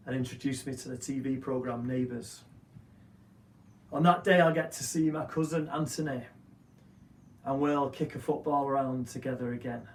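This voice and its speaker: A pastor delivers an Easter sermon in a steady, earnest voice of middle pitch, building his points through rhythmic repetition. The sound is roomy and slightly distant, as if the mic sits away from him in an echoing room. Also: slight background noise. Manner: earnest, rhythmic preaching with repeated phrases.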